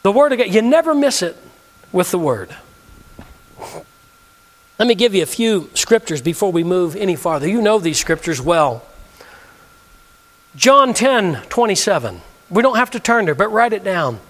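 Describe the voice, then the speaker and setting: A man's voice: sits high, sing-song, moderate pace, long pauses, a bit bright. A male pastor preaching a sermon, leading the congregation in call-and-response with emphatic delivery. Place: church sanctuary.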